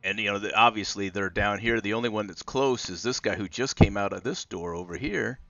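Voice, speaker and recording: A man's voice: fairly low pitch, fairly quick, creaky, a bit bright, no echo, dull audio, faint music behind. A man narrating as game master of a tabletop game, drawling with many fillers.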